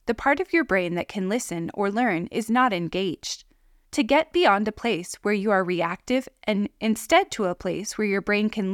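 A woman giving calm, measured scripted narration of parenting guidance. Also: mid-range voice, dry recording, clean studio sound. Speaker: parenting educator.

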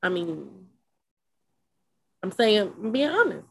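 A woman's voice: mid-range voice, very animated, slow, gravelly, fairly bright tone, no room sound. A woman in casual chat, frank and joking in her banter.

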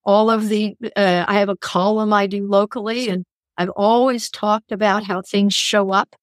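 A woman speaks in an earnest, reflective way as she recounts spiritual experiences for a podcast interview. Her voice sits at a middling pitch and is recorded close and dry, with no room around it. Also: steady tone, moderate pace, dry recording. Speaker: guest, author and columnist. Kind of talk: podcast interview, personal storytelling.

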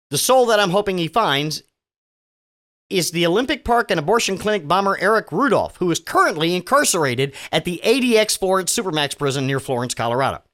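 A man's voice: high voice, a bit bright. A man hosting a solo podcast, reading news items and mocking them with sarcastic, profane asides and stammering restarts. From Virginia. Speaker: podcast host.

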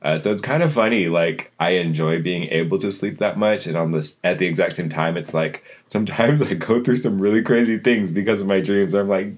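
A man co-hosting a podcast rambles through a story in casual chat, with lots of fillers. His voice sits low and he talks briskly, hardly pausing.

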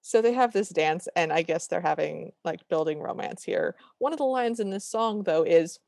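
A woman's voice: fairly low pitch, expressive, gravelly, a little mellow, dry recording, studio quality. A woman co-hosting a podcast, recapping a movie in casual chat and sarcastically acting out its lines. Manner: sarcastic, acts out dialogue in quick bits. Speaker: podcast co-host.

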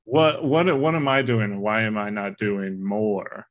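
A man's voice: lowish voice, fairly even intonation, measured pace, highs cut off. A man co-hosting a casual movie discussion, talking in an earnest, rambling way and swearing casually. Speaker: podcast co-host.

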